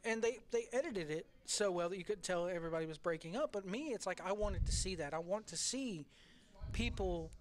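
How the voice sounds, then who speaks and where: A man's voice: high voice, a little fast. A man hosting a wrestling fan podcast, asking long loose questions and recapping with rambling restarts. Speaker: podcast host. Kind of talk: casual interview and recap.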